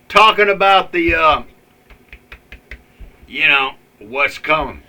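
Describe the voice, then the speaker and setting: A man's voice: a little high, expressive, takes it slowly, long pauses, sharp tone. A man ranting angrily in a rambling, profane vlog with many fillers. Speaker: vlogger. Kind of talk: ranting political commentary.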